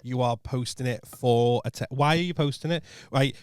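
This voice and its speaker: A man's voice: mid-range voice, normal speed, clean tone, dry recording, studio quality. A man co-hosting a podcast, bluntly teasing and rambling with many restarts. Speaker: podcast co-host. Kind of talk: casual chat.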